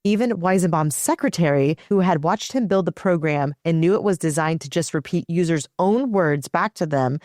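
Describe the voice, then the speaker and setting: A woman co-hosts a tech podcast in an upbeat, chatty way and reads a scripted segment. Her voice sits a little low, and the studio sound is dry and close. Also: normal speed, hardly any pauses, a little mellow, dry recording. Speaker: podcast co-host.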